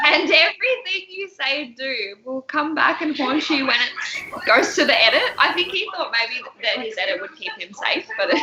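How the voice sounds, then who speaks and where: A woman's voice: on the high side, roomy sound, lo-fi sound. A woman, a reality TV contestant, chatting casually in a panel and laughing often.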